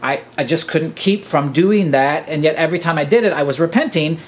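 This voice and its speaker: A man's voice: on the high side, brisk, a little hiss or hum, poor audio. A man in his fifties, a podcast host, gives an earnest, preachy teaching monologue and keeps calling his listeners "guys". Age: 50s.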